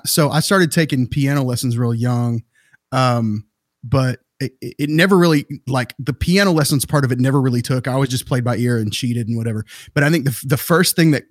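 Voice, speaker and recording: A man's voice: medium pitch, no echo, clean studio sound. A man talking as a guest in a casual conversation, speaking hesitantly as he searches for his words. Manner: hesitant, full of fillers and restarts.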